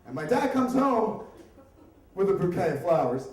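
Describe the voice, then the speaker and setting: A man from the Upper Darby area telling a comic, profane story at a live story slam, chatty and animated. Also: high-pitched, normal speed, a crowd in the background. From Upper Darby, Pennsylvania area. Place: stage at a live storytelling event. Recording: echoey room, voice from far off.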